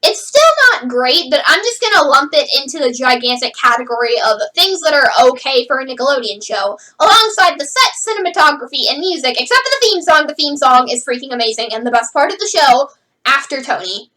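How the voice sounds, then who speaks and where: A woman reviewing a show in a casual, sarcastic way, her high voice swooping up and down as she goes. She has a bright, sharp tone and keeps dropping "like" into her sentences. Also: expressive, brisk, rough recording. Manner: chatty, sarcastic, lots of "like" fillers. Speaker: host reviewing a TV series.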